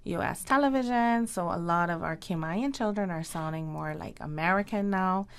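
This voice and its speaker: A Caymanian woman, a speech therapist, explaining her field on a radio talk show in a clear, instructive way. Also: lowish voice, moderate pace. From Cayman Islands. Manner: clear, instructive, warmly encouraging.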